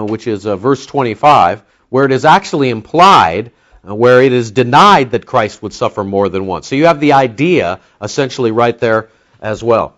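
A man preaching an expository sermon, talking conversationally with many fillers and slowing down to stress key words. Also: lowish voice, highs cut off. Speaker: pastor teaching a Bible study.

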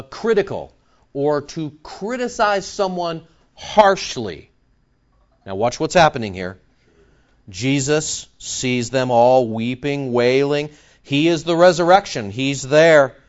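Male pastor, sermon delivery, slightly high voice, unhurried and emphatic. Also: dull audio. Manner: emphatic, swings between loud stress and soft asides.

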